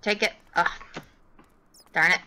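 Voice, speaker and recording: A woman's voice: slow pace, pushed and bright. A woman livestreaming a game, giggling often and thanking and greeting viewers in casual chat. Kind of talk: casual live gameplay chat.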